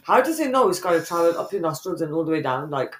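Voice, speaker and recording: A young woman co-hosting a podcast, all brash teasing and constant swearing in slangy street talk. Her voice swings up and down a lot, lively and animated. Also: fairly low pitch, fast talker. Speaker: podcast co-host. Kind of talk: casual banter.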